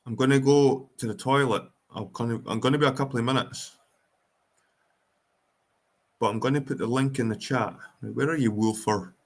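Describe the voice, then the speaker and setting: A man's voice: medium pitch, steady tone, moderate pace, long pauses. A Scottish man hosting a livestream, ranting bluntly and swearing a lot in casual chat with viewers. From Scotland. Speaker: livestream host.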